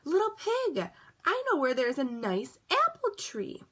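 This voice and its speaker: Woman doing a sly booming wolf. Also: huge pitch swings, fairly bright tone, exaggerated voice. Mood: coaxing. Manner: slow, drawn-out, booming threats. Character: sly hungry male wolf, scheming. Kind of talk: storybook read-aloud.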